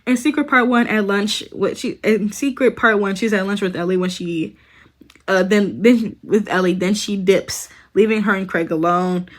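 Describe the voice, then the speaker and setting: A young woman talks her way through a casual recap of a show, peppering it with "like" and "um" and laughing as she quotes the characters. Her voice sits at a middle pitch, neither high nor low. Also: moderate pace. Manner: chatty, frequent "like" and "um", bursts of laughter, mock-quoting characters. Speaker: commentary video host.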